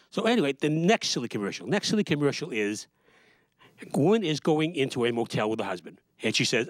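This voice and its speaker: A man's voice: medium pitch, sing-song, quick pace, no echo. A man doing a rambling, sarcastic stand-up comedy routine, acting out the people he quotes. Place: small studio.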